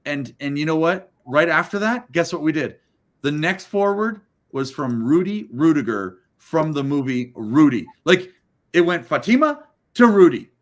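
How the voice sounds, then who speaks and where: On the high side and very animated, this man's voice moves at a moderate pace as he hosts a book launch on a video call. The livestream is casual, and he keeps things chatty and upbeat, laughing often between remarks.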